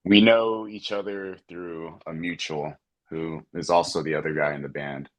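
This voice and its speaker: A man's voice: a bass voice, fairly even intonation, moderate pace. A man from Texas who is a singer, answering as a podcast guest in an easygoing, hesitant way. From San Antonio, Texas. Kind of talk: casual interview chat.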